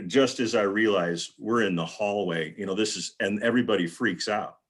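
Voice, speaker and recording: A man's voice: lowish voice, moderate pace, fairly bright tone, breathy edge. A man on a live video panel telling a rambling, casual anecdote and acting out what people said. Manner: rambling storyteller, acts out quotes. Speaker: panel guest. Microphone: video call.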